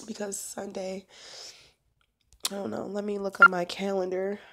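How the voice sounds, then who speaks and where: Gravelly-voiced woman chatting on a livestream. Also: mid-range voice, monotone, normal speed, very noisy. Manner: chatty, meandering, many fillers and asides. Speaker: prayer minister. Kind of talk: casual testimony livestream. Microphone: phone.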